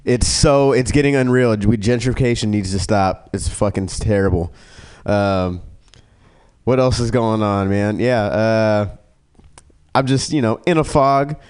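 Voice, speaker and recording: A man doing a stand-up comedy set, rambling and profane, full of fillers and restarts, who jumps to a higher pitch when he acts out other people. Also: unhurried, darkish tone, smooth. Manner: acts out characters in a raised pitch.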